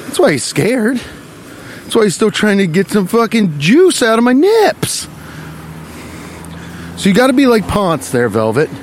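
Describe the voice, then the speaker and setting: A man voicing an exasperated, crude-mouthed mother scolding her children in a low, drawling tone. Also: wildly swooping pitch, a little slow, pauses often, a little hiss or hum, full character voice.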